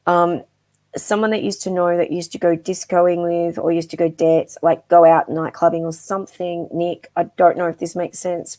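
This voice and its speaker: Chatty woman, lowish voice. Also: darkish tone. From Australia. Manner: chatty and affectionate, calls viewers darling, many ums. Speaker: psychic medium guest host. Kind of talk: live-stream psychic reading.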